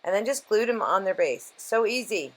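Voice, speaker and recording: A woman's voice: mid-range voice, big pitch swings, a little fast. A woman hosting a casual crafting vlog, chatty and upbeat, calling her crafts cute. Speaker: craft channel host.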